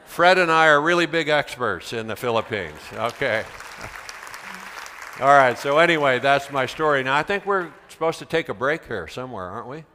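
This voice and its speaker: A man's voice: medium pitch, moderate pace, a faint crowd, slight background noise. American man telling stories in a hall. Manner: animated storyteller, acts out quoted dialogue. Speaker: keynote speaker, veteran teacher. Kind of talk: storytelling conference talk. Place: large convention center hall. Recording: long reverb of a large hall.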